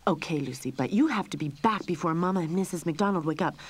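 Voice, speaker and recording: A woman voicing an anxious, gentle young male cat in a game storybook, worried and prone to stammer. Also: lowish voice, fast talker, breathy edge.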